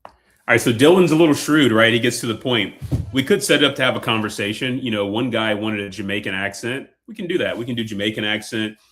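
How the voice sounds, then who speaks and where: A man's voice: on the low side, quick pace, few pauses, pushed and bright. A man presenting a casual sales webinar, chatty and loose, with many fillers and repeated words.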